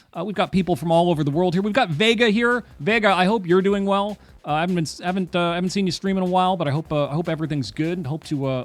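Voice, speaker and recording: Rambling wry male streamer, higher voice. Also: no room sound. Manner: rambling, wry, full of "uh" and repeated phrases. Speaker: livestreamer solving crosswords. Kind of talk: casual livestream chat.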